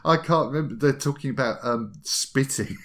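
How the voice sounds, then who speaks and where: A man on a podcast, enthusiastic in casual chat, halting and laughing easily. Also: mid-range voice, fairly bright tone.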